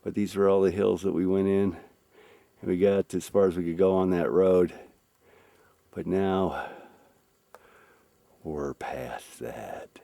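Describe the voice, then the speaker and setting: A man narrating his mountain hike to a handheld camera outdoors, talking in a halting way with frequent fillers. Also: low voice, little pitch movement, vocal fry, dark tone, dry recording. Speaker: hiker filming his climb. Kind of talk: casual hiking vlog narration.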